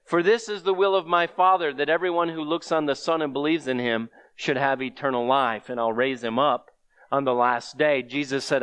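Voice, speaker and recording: A man's voice: medium pitch, steady tone, moderate pace, fairly bright tone, clear, resonant tone, no echo. A man preaching a sermon with earnest delivery, reading scripture aloud to his congregation.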